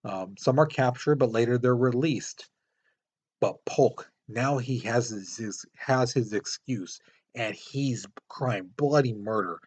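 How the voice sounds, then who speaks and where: A man's voice: medium pitch, takes it slowly, darkish tone. A man teaching a history lesson in a casual, explanatory way, pointing to a map with many fillers. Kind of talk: classroom lecture.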